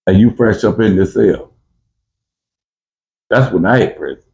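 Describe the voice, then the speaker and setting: A man's voice: on the low side, unhurried, vocal fry, darkish tone, rough recording. A man telling prison stories in casual talk, full of street slang and restarts, who acts out both sides of a fight in a raised voice. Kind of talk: casual storytelling.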